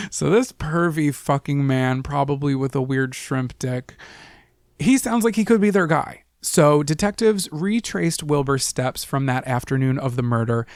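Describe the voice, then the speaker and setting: A man's voice: a little high, animated, a little slow, dry recording, studio quality. A man co-hosting a casual true-crime podcast, retelling cases in a joking, profane way. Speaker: podcast co-host.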